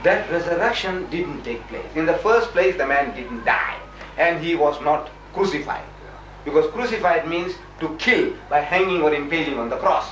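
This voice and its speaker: A man's voice: on the high side, lively intonation, moderate pace, fairly bright tone, muffled recording. A man in a heated debate, telling stories animatedly, exclaiming and acting out what people said. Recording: echoey room, distant mic, faint hiss.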